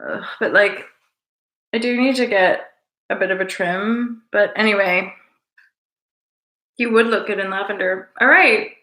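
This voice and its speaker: A woman chats loosely to her live viewers, rambling and teasing with an affectionate, playful lilt. Her voice sits in the middle of the range and comes across bright and forceful. The sound carries a roomy echo. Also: medium pitch, measured pace, long pauses. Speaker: livestream host. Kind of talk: casual live-stream chat with viewers.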